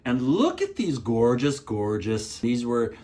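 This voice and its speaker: Middle-aged Pittsburgh man with a Pittsburgh accent, theatrical and playful, voice leaping high on counts; home cocktail vlog host. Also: big pitch swings, slow, warm tone.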